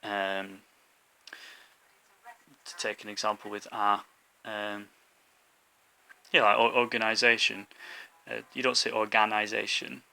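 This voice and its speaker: A man's voice: lowish voice, little pitch movement, slow, creaky, long pauses, sharp tone, rough recording. A man from England, a native English speaker, explaining language points in an informal lesson, with many ums and restarts. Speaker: language teacher.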